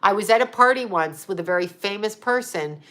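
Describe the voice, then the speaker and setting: Bright-voiced woman ranting profanely. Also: medium pitch, lively intonation, brisk. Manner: profane, blunt, agitated. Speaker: host. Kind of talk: casual ranting commentary.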